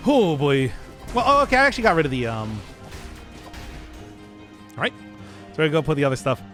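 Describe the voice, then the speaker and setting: A man's voice: a little high, very animated, a little fast, a bit bright, faint music behind. A man streaming a game, rambling in casual commentary and laughing at his own jokes.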